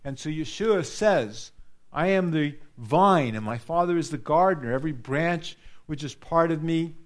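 Earnest male preacher, slightly high voice. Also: normal speed. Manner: earnest, repeats phrases for emphasis; addresses a congregation directly with questions. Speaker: pastor. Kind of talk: sermon.

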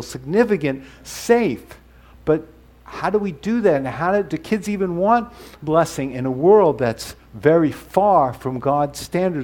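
Guy preaching a sermon, kinda high voice, teacherly, stops to explain stuff. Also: a little mellow. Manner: teacherly, explains terms and asides. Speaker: pastor.

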